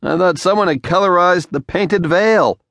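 A man's voice: high voice, moderate pace, a bit bright, no echo, pitched above the performer's own voice. A man playing a dry film-buff boyfriend.

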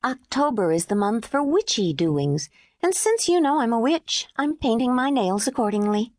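A woman's voice: medium pitch, huge pitch swings, takes it slowly, darkish tone, slightly rough, no room sound, full character voice. A woman narrator voicing a droll teenage girl in an audiobook, dry and patient. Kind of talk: audiobook character voice.

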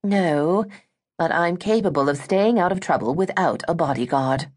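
A woman's voice: on the low side, moderate pace, darkish tone, pitched above the performer's own voice, lightly acted. A woman voicing a blunt, skeptical woman who teases her friend, in an audiobook. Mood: wry. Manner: dry, teasing, skeptical.

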